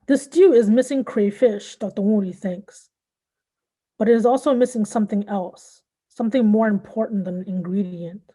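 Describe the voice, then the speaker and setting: A woman author reads her own short story aloud at a measured pace. Her voice is mellow and darkly colored, with a middle pitch. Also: husky. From born in Nigeria, raised in Southern California. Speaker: fiction writer reading her work. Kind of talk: literary reading.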